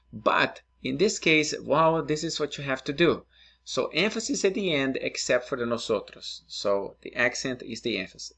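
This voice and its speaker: A man's voice: mid-range voice, vocal fry, bright, forceful tone. A man teaching a recorded Spanish lesson, explaining step by step and often checking in with his students. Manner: patient, explains step by step, checks in with "right?" and "okay?".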